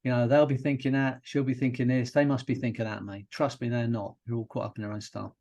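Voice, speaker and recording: A man's voice: medium pitch, little pitch movement, fast talker, vocal fry, darkish tone, highs cut off. British man, rambling hypnotherapist. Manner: rambling storyteller with restarts. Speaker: hypnotherapist guest. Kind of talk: casual interview chat.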